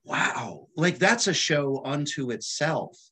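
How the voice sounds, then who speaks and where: A man asking interview questions in an excitable, enthusiastic way. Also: fairly high pitch, takes it slowly, slightly rough. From United States. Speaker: magician interviewing the host. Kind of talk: casual interview chat.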